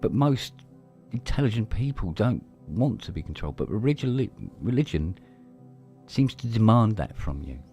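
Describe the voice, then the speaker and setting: A middle-aged man talks in casual podcast chat, his voice low and mellow. He tells stories loosely, swearing freely and restarting sentences. Faint music plays behind him. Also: big pitch swings, normal speed. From London, England. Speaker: podcast co-host.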